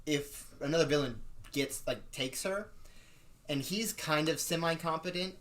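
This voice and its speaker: Give me a man with a slightly high voice, rambling and giggling in a podcast chat. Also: moderate pace, a bit bright. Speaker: podcast co-host. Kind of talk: casual chat.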